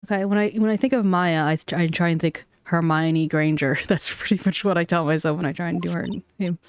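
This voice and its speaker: A woman's voice: on the low side, steady tone, brisk, clean tone. A woman streamer chatting casually and self-deprecatingly between game lines, swearing now and then.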